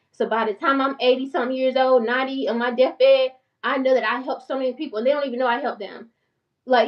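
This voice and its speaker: A middle-aged woman talking casually to her viewers, chatty and candid, laughing often, as a financial coach. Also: on the high side. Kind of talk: casual talk to camera. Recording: dull lo-fi sound from a distance.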